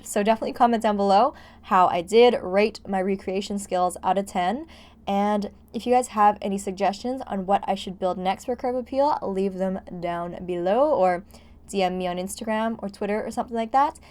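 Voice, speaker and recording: A woman's voice: medium pitch, a little mellow. A young woman talks over her gameplay in a loose, rambling vlog voice, padding her sentences with "like". She sounds a bit breathless and wired from caffeine. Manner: chatty, rambling, heavy use of "like". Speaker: gaming vlogger. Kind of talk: casual voice-over commentary on a building game.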